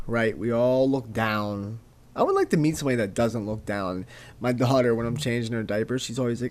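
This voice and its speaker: A young man rants alone into a podcast mic in a loose, casual way. He swears freely, rambles and stumbles over repeated words as he chases his point. His voice sits at an ordinary middle pitch. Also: lively intonation, brisk. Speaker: podcast host. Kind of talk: casual solo rant.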